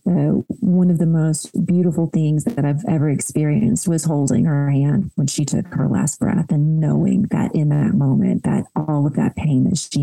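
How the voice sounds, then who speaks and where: A woman's voice: deep voice, gravelly, warm tone, dry recording, rough recording. A woman in her thirties, a podcast guest, telling a heartfelt personal story in a reflective way, often repeating words as she gathers her thoughts.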